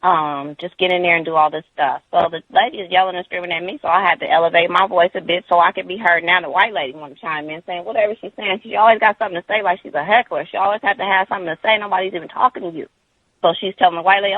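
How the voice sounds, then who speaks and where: A man's voice: sits high, steady tone, fast, no echo. Rambling man calling in by phone. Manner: rambling, many fillers and restarts. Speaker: caller. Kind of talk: telling a personal story on call-in radio. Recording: tinny phone line.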